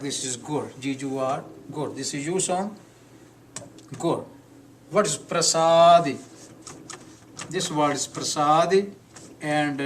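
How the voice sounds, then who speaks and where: A man teaching a live class, who speaks deliberately and repeats words to model how they are pronounced. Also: a little high, fairly bright tone, far from the mic, slight background noise. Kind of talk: live classroom lecture on pronunciation.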